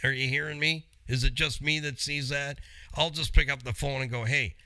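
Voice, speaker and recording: A talkative male mechanic hosting his own show and chatting straight to viewers. His voice is bright and forceful, and the recording sounds dry and close with no room echo. He keeps it loose, with jokes and easy laughs along the way. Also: mid-range voice, fairly even intonation, moderate pace. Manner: chatty, jokey asides, laughs often. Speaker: auto mechanic and channel host. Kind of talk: casual talk to camera.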